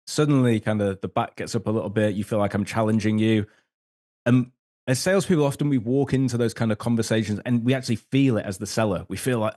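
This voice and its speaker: A man's voice: fairly low pitch, fast talker, darkish tone. A man, a sales consultant guest on a podcast, explaining techniques and acting out little sample conversations. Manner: acts out sample dialogue, frequent um fillers.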